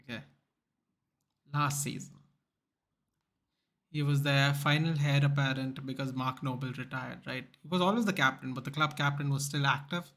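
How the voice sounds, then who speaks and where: A man's voice: mid-range voice, steady tone, moderate pace, pauses often, a bit bright. A man hosting a football watchalong livestream, talking casually in a rambling, opinionated way and often calling listeners "dude".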